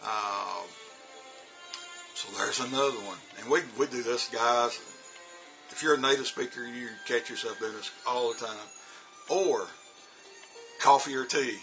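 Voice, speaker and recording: A man who teaches English talks other teachers through classroom tips in a relaxed, conversational way. He keeps breaking into short spoken examples, and faint music plays behind him. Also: mid-range voice, measured pace, pauses often, low-quality recording. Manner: loose and chatty, demonstrating spoken examples. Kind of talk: casual teaching advice to teachers.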